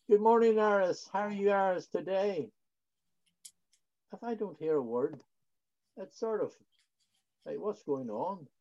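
Man, preacher, earnest slow sermon delivery, voice sits a little high, muffled lo-fi sound. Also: mellow. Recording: dull lo-fi recording.

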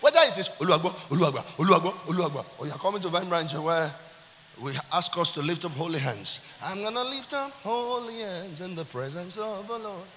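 A man with a Nigerian accent preaching a sermon as pastor, animated, with call-and-response and laughter. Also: high voice, normal speed. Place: church hall. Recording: reverberant church hall with hiss.

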